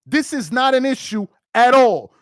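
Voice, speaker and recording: A man's voice: very high voice, lively intonation, moderate pace, no echo, studio quality. A man from New York City with a New York accent, giving emphatic live-stream commentary that repeats its points and uses street slang. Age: adult with a child.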